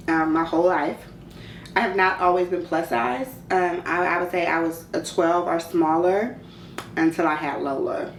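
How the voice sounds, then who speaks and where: A woman's voice: lowish voice, echoey room, distant mic, slight background noise, poor audio. A woman in her thirties from California, talking candidly and casually to camera in a slangy Q&A vlog. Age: 30s. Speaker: vlogger. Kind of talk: casual Q&A chat.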